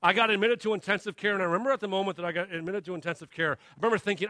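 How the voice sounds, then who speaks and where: Male pastor, 30s, sermon delivery; bright, slightly high voice, dry close mic, conversational with emphatic build. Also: steady tone, dry recording. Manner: conversational, halting with restarts, rising to emphatic questions. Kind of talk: sermon with personal story.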